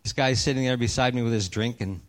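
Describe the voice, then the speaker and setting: During a sermon, a middle-aged pastor shares a story from his own life with earnest feeling. His voice is medium in pitch, and he slows to a hush for the weighty moments.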